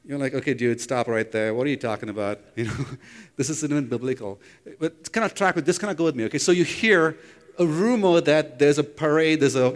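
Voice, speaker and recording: A man preaching a sermon to his congregation, telling an imagined story with lively questions to the listeners. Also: medium pitch. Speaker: pastor. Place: church sanctuary. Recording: long hall reverb.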